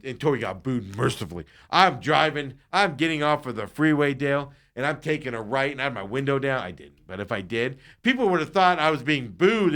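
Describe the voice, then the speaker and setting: A man's voice: medium pitch, a bit bright. A man hosting sports talk, ranting with heat and sarcasm. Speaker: sports radio host. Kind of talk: heated sports talk rant.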